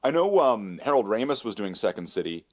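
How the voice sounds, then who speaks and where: A man's voice: lowish voice, very animated, a little fast, darkish tone. A man co-hosting a casual chat, rambling and laughing often. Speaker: co-host.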